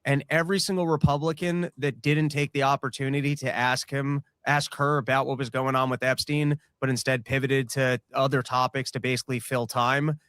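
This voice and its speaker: A man giving pointed political criticism in casual chat, with halting starts. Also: mid-range voice, flat delivery, fairly bright tone, clear, resonant tone, no echo, studio quality.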